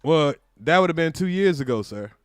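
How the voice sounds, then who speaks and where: A high-pitched man reacts on a livestream, mocking and sarcastic, often mimicking over-the-top apologies. The sound is close and dry, with no room around it. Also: lively intonation, a little fast, clean tone, no echo. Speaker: streamer reacting to a clip.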